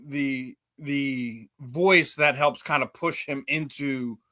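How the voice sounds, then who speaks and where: Bright-voiced man debating sports, halting. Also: mid-range voice. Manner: halting, many restarts, rises when making a point. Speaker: sports podcast co-host.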